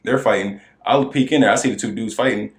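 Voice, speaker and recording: A man co-hosting a podcast, telling a story in casual chat and acting out the people in it. His voice cracks high now and then. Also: fast talker, reverberant. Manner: animated storyteller who acts out quoted voices. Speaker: podcast co-host.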